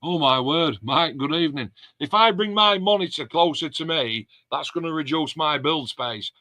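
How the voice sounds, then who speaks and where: Male host, chatty and bright, dry close sound; reads viewer comments on a live stream. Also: a little high, moderate pace, no echo. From England. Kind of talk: casual live-stream chat.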